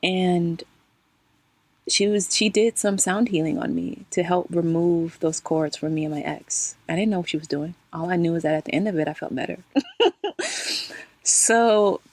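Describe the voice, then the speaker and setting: Expressive woman telling a spiritual story. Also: lowish voice, normal speed, no echo. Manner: expressive, addresses listeners as y'all, laughs often. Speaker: spiritual channel host. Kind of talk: casual personal storytelling.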